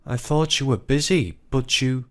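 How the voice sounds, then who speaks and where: A man's voice: animated, a little slow. A man voicing a frantic, pleading wife. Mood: distraught. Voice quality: low voice pushed higher for a woman. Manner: pleading, then shouting. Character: distraught adult woman confronting her husband.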